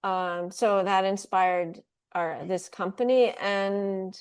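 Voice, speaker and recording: Slow, chatty woman guest. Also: medium pitch, clear, resonant tone. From United States. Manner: relaxed, chatty, laughs often. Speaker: guest, food company founder. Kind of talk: casual interview talk.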